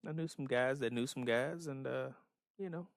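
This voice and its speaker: Gravelly laid-back male podcast co-host. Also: mid-range voice, moderate pace, no room sound, studio quality. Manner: laid-back, joking, swings from loud to mumbled. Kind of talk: casual podcast banter.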